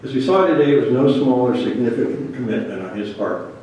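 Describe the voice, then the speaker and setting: A man's voice: mid-range voice, lively intonation, brisk, dark tone, muffled recording, a little hiss or hum. Man, sermon, reads scripture then comments, very echoey church hall, distant mic. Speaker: pastor.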